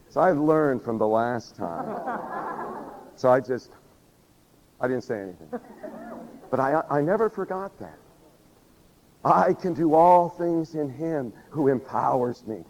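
A man preaching a sermon who acts out prayers and quotes with lively energy, laughing often and saying he is losing his voice. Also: mid-range voice, unhurried, gravelly, pauses often. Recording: dull recording with long hall reverb.

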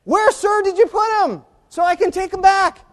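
A grieving woman, put on by a preacher, high and pleading, in a hall with echo. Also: moderate pace. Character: grieving young woman, confused.

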